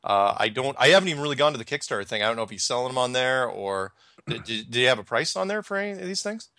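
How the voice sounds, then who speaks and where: A man hosting a casual podcast chat, rambling and halting with lots of restarts. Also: mid-range voice, animated, pushed and bright, no echo, clean studio sound. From Washington state, United States. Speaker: podcast host.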